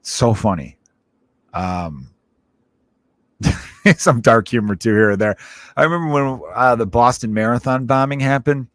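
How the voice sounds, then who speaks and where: A man's voice: mid-range voice, expressive, a little slow, pauses often, fairly bright tone, dry recording, clean studio sound. A man in his thirties, a comedian hosting a podcast, telling a candid, profane personal story that mixes grief with jokes. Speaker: podcast host; stand-up comedian.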